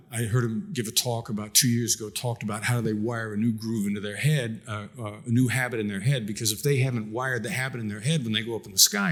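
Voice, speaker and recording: A man's voice: mid-range voice, a bit bright. A man speaking on a conference stage, coaching the audience and asking them direct questions. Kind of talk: motivational conference talk.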